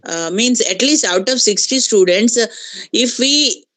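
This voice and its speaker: A woman teacher asking a symposium speaker a question, hesitant and halting, saying "sir" again and again. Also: on the high side, lively intonation, fairly bright tone.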